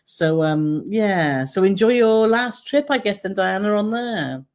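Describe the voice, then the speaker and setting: A woman co-hosts a travel live stream, chatting casually, laughing often and reading viewer comments aloud. Her mid-range voice is animated and darkish, delivered at a measured pace.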